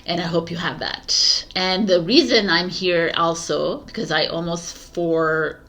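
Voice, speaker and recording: Giggly woman with a gravelly voice. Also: fairly low pitch, fairly even intonation, unhurried, a bit bright. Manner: giggly, scattered, laughing at herself. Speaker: tarot reader. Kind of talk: casual spoken tarot talk.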